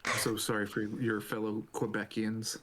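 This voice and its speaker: A man chatting casually as a guest on a live stream, easygoing and quick to laugh. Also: lowish voice, monotone, fairly bright tone, slight background noise.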